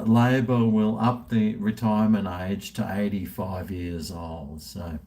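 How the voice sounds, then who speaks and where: A man's voice: fairly low pitch, dark tone. A man in his late fifties, chatting casually and self-mockingly on a livestream from home. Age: 50s. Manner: chatty, self-mocking, talks to himself while drinking. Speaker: livestream host. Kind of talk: casual rambling livestream chat. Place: at home indoors.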